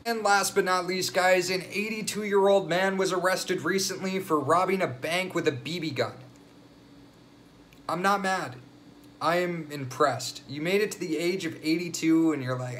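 A man's voice: high-pitched, moderate pace, a bit bright, a little hiss or hum. A young man vlogging casual news commentary, crude and sarcastic, swearing freely.

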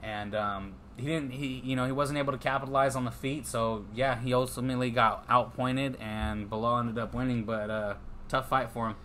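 Bright, slangy man from California. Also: mid-range voice, steady tone, normal speed, hardly any pauses, a little hiss or hum. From Stockton, California. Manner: slangy, emphatic, keeps saying man. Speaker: podcast co-host, MMA betting picks. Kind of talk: casual chat.

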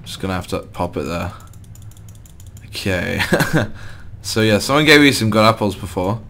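Young man, gameplay commentary, casual and chatty, self-mocking, slightly low voice, keyboard clicks behind. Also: expressive, normal speed, gravelly, sharp tone, a little hiss or hum. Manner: chatty, swears and laughs at himself. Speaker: gaming video host.

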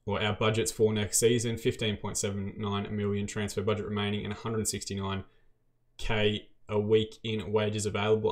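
A young man giving chatty, self-deprecating commentary over his gameplay. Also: fairly low pitch. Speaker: gaming YouTuber.

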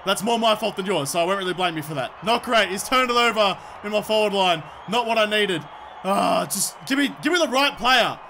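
Young man, Australian accent, very high voice, bright tone, rowdy gameplay commentary, frequent shouting. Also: fairly quick, a little hiss or hum. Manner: shouts and cheers at the game, cheeky jokes. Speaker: gaming video creator.

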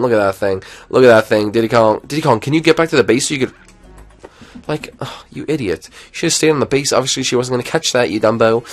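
A young man commentating his own live video game stream, chatty and excitable, swinging from loud outbursts to low muttering.

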